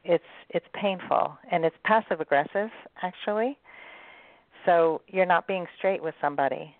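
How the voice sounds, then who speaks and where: A woman's voice: fairly low pitch, moderate pace, dry recording. A woman hosting a casual chat, speaking frankly and agreeing with her guest. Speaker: host. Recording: dry tinny phone-like line.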